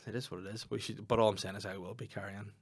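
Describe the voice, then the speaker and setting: A man's voice: fairly low pitch, very fast. A young Northern Irish man, a comedian, chatting on a podcast and telling stories with acted-out quotes. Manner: animated storytelling, acting out quotes. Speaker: stand-up comedian and podcast co-host. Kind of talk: casual podcast chat.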